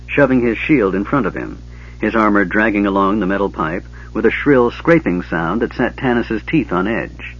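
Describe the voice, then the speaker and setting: A man narrating an audiobook in a steady storytelling manner, doing character voices. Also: on the low side, slightly rough, muffled recording.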